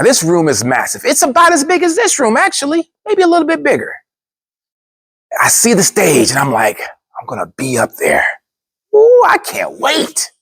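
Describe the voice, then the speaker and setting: A man telling a personal story as a speech, animated and shifting into voices for the people in it. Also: high voice, husky, no echo, studio quality.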